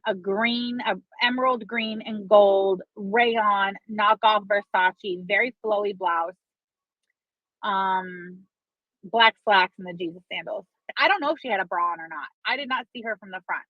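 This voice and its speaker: A woman's voice: mid-range voice, no echo. A woman telling a long gossipy story in a casual, dramatic and profane way, dragging out her fillers. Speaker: online commentator. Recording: dull lo-fi sound, dry.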